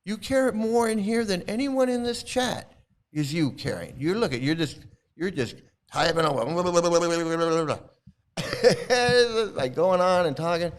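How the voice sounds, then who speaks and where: A man's voice: high voice, animated, slow. A man hosting a livestream, talking straight to his chat in a combative, repetitive way. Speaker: livestream host. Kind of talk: livestream commentary, answering chat.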